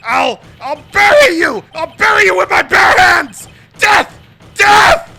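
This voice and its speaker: Streamer doing a screaming old villain prosecutor, gravelly, bright edge, faint game music behind. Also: extremely high pitch, lively intonation, slow pace, some chatter behind, pitched above the performer's own voice, heavily acted. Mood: raging. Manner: roaring, ranting threats. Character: furious old male prosecutor villain, vengeful. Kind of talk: reading game dialogue aloud.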